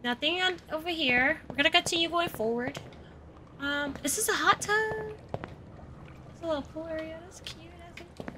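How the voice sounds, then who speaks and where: Excitable high-voiced woman streaming a game. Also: moderate pace, background noise. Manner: excitable, exclaiming, talking to viewers. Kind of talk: live gameplay commentary.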